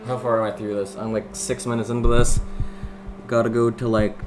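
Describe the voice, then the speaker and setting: A man's voice: medium pitch, level tone, a little fast. A young man at his desk, rambling casually about his drawing in a voice-over, with lots of fillers and casual swearing. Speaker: artist narrating his speed drawing. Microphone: desk microphone, recorded separately over the video. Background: background music.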